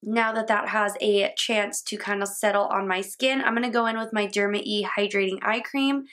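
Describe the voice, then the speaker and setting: A woman's voice: medium pitch, fairly even intonation, moderate pace, a bit bright. Chatty young woman talking through makeup. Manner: chatty, casual, laughs at own slips. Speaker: beauty vlogger. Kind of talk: makeup tutorial talk-through. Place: home, indoors.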